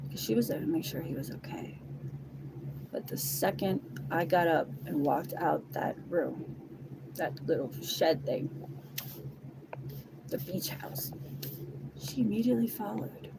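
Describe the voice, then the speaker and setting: A woman recounts a painful personal story in raw, blunt language, swearing freely as she goes. Her voice is gravelly with plenty of vocal fry, and the recording has clear background noise. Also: fairly low pitch. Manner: blunt and heavily profane. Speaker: person giving a personal testimony. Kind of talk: emotional first-person storytelling. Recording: noisy background.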